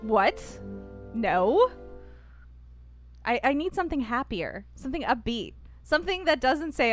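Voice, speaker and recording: High-voiced giggly woman podcaster. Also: big pitch swings, a little slow, long pauses, soft background music. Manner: giggly, playful. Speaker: podcast co-host. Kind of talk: casual podcast chat.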